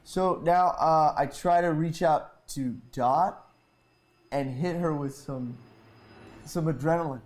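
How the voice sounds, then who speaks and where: Man, slightly high voice, slow, hesitant, lots of ums. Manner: hesitant, full of fillers and restarts. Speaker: tabletop game player.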